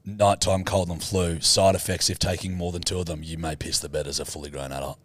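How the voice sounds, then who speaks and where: A man's voice: deep voice, flat delivery, fairly quick, no room sound, studio quality. A young man co-hosting a casual comedy podcast, teasing playfully and laughing at his own jokes. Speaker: co-host.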